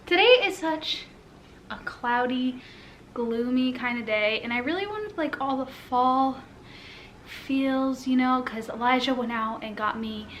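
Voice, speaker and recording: A woman's voice: sits high, measured pace, a bit bright, a little hiss or hum. A young woman chatting casually to the camera at home, rambling with lots of fillers, a little out of breath while pregnant. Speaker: lifestyle vlogger. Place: home, indoors.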